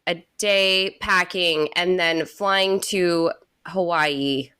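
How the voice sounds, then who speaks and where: A woman's voice: fairly low pitch, steady tone, drawn-out words, sharp tone, clear, resonant tone, no echo, clean studio sound. A woman in her thirties co-hosting a podcast in casual chat, nasal and stuffy from a cold, telling stories with laughs. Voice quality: stuffy, plugged nose. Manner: chatty, laughing storyteller. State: sick with a cold. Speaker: podcast co-host.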